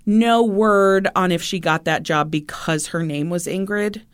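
A woman's voice: on the low side, a little slow, smooth. A woman co-hosting a podcast, telling a true-crime story in a chatty way, with easy laughs and loose fillers. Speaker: podcast co-host.

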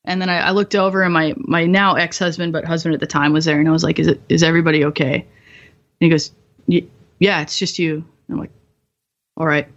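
A young woman guest in her twenties, telling dark stories bluntly and profanely, often laughing, in a slightly muffled recording. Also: low voice, flat delivery, brisk. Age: 20s. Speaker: guest, former bomb disposal technician. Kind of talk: candid storytelling interview.

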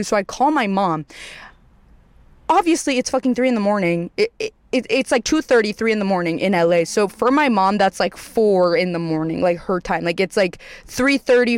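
Rambling, animated storyteller with a dry sound. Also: smooth, no echo. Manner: rambling, heavy swearing, filler "like"; animated, jumps up in pitch for quoted panic. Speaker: vlogger telling a storytime. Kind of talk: casual storytelling to camera.

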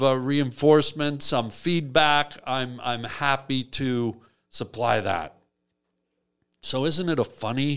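A man hosting a comic call-in show, telling absurd stories in a deadpan rambling way. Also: medium pitch, smooth. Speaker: radio call-in host. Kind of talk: comic radio storytelling.

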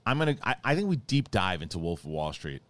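A male podcast host with a somewhat low voice, chatting casually. He rambles, circles back and repeats words as he talks things through. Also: quick pace, dry recording. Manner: rambling, animated, many restarts. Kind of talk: casual chat.

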